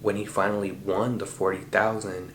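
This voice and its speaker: A man recounts a long dream in a casual, profanity-laced monologue and slips into the voices of the people he quotes. His voice sits a little low, and the sound is roomy, with a faint hiss of noise behind it. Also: flat delivery, moderate pace, a bit bright. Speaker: podcast host.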